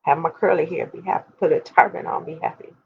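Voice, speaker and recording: A woman's voice: low voice, fairly even intonation, quick pace, creaky, phone-quality sound, a little hiss or hum. A woman of forty talking candidly and emphatically to her viewers, speaking straight to them like a preacher. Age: 40s. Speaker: host. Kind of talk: candid personal talk to viewers.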